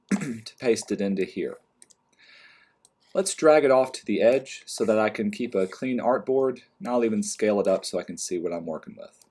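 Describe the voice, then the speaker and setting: Male design instructor, lowish voice, calm step-by-step tutorial narration, clicks in background. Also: breathy edge. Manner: calm step-by-step explaining, trailing off quietly. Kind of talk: screen-recorded software tutorial.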